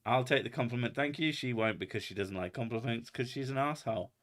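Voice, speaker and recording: A man's voice: medium pitch, quick pace. A man from England hosting a casual livestream, reading viewer comments aloud with jokes, swearing and frequent laughter. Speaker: host reading viewer chat.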